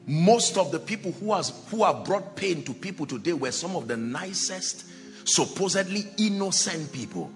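A man preaching a sermon, telling scripture stories dramatically, swinging between loud exclamations and low, quiet lines. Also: big pitch swings, moderate pace, gravelly, soft background music.

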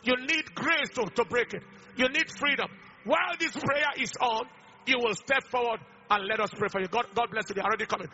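A man's voice: extremely high pitch, brisk, sharp tone, big-room sound, lo-fi sound, a little hiss or hum. A man, a pastor leading an altar-call prayer with fervent, repeated declarations.

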